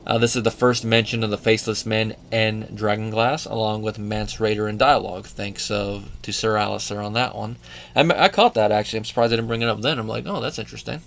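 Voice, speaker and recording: A man in his thirties with a somewhat low voice chats his way through an episode review, wandering into asides and quoting lines as he goes. A faint hum of room ambience sits behind him. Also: steady tone, fairly quick, a bit bright. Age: 30s. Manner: chatty, digressive, with fillers and quoted asides. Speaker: show reviewer. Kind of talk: casual solo review commentary.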